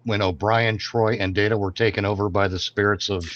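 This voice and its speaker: Speaking a little fast, this co-host has a low-leaning, slightly bright voice with fairly even intonation. He chats and rants on a live stream, cursing constantly, and the dull lo-fi recording carries background noise.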